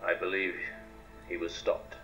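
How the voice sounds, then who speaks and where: An actor playing a calm, mysterious male mentor who speaks slowly and in measured pauses, in film dialogue. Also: low-pitched, muffled recording, faint music behind. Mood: cryptic. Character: cryptic calm male mentor revealing secrets.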